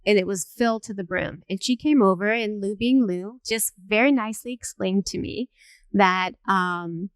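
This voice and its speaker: Chatty lady moderating a panel, lots of ums, clear tone. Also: medium pitch, moderate pace, no echo. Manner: chatty, lively, with many fillers. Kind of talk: panel storytelling.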